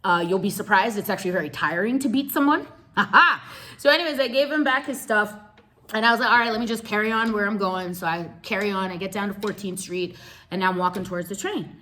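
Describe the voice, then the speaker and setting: An animated woman spins a casual storytime for her viewers, her voice bright and forward. She talks in easy slang and laughs her way through it. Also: medium pitch, fast, slight background noise. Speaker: vlogger telling a story.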